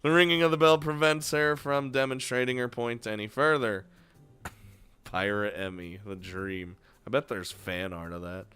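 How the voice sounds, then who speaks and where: A man's voice: mid-range voice, moderate pace, bright, forceful tone, clear, resonant tone, soft background music. A man hosting a let's play, reading a visual novel aloud and breaking off for jokey asides and frequent laughter. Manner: jokey, laughs often, asides between lines.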